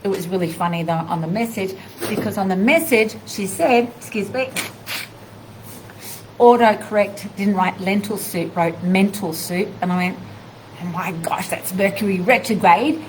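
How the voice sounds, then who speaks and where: A woman, a spiritual teacher, telling a personal story in a live video, animated and heartfelt, acting out bits of dialogue. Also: medium pitch, moderate pace, slight background noise, rough recording.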